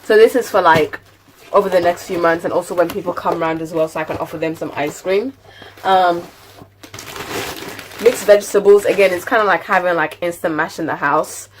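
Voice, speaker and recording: A woman's voice: lowish voice, steady tone, a little fast, a little hiss or hum. A young woman vlogging at home, chatting through a grocery haul in a rambling, filler-heavy way. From United Kingdom. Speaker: lifestyle vlogger. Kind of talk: casual grocery haul chat.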